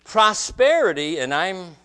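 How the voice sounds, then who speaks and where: A man's voice: high voice, sing-song, unhurried, bright, forceful tone, clean tone. A man preaching a sermon as pastor, asking rhetorical questions and stressing words dramatically. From United States.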